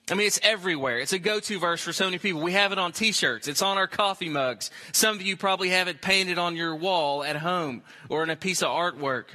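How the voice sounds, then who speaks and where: A man's voice: sits high, pushed and bright. A man preaching a sermon as pastor, speaking emphatically and repeating phrases for stress.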